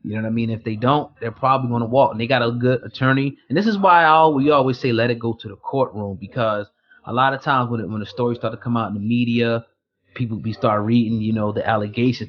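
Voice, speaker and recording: A man hosting an online news chat, speaking in a measured way with many fillers. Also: mid-range voice, highs cut off. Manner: hesitant, lots of fillers, measured. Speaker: host. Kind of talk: casual news commentary.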